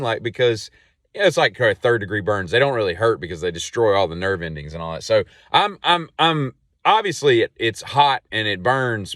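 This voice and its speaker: A man hosting a podcast and telling a long casual story in a rambling, animated way with many asides. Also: mid-range voice, dry recording, studio quality. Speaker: podcast host.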